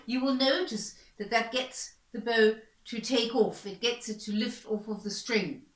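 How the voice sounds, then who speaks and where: A woman violin teacher explaining bowing technique in a calm, patient, step-by-step way. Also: a little high, a little slow, faint music behind. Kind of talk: instructional explanation. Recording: echoey room. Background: violin playing between explanations.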